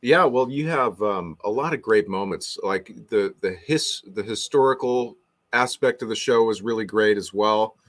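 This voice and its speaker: A man's voice: on the low side, normal speed. A man chatting casually as a panelist in a review discussion, easygoing and thinking aloud.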